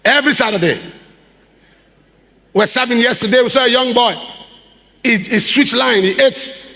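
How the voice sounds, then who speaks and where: A man's voice: very high voice, moderate pace, bright, forceful tone. A middle-aged Nigerian man preaching a sermon as a pastor, throwing rhetorical questions at his congregation and acting out the people he quotes. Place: large church hall. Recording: long reverb of a large hall.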